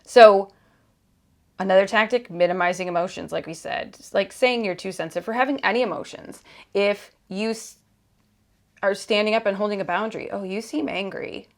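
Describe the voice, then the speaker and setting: A woman's voice: mid-range voice, brisk. A woman hosting a personal podcast, speaking candidly and conversationally, with restarts and an emphatic, exasperated edge in places. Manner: candid, earnest, conversational with frequent fillers and restarts. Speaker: podcast host.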